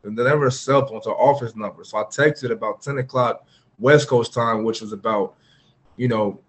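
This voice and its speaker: A man speaking at an ordinary mid pitch, telling his own story as a podcast guest. His talk is earnest and open, loose and conversational, full of fillers. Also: moderate pace. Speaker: podcast guest, former pro football player. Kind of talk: candid personal storytelling in a conversation.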